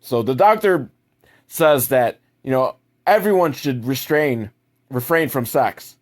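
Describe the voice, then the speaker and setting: A man's voice: mid-range voice, lively intonation, slow. A young adult man giving a crude, sarcastic comedic recap of a movie as the show's host. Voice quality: crude, sarcastic, mocking asides.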